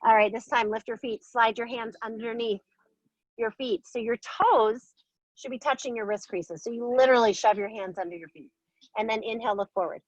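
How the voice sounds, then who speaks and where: A playful woman leads a yoga class with bright, encouraging cues, a little out of breath as she moves through the poses. Her voice sits at an ordinary pitch and sounds close and dry, with a slightly muffled, dull quality to the recording. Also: fairly quick, dry recording. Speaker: yoga instructor. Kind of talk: guided yoga class instruction.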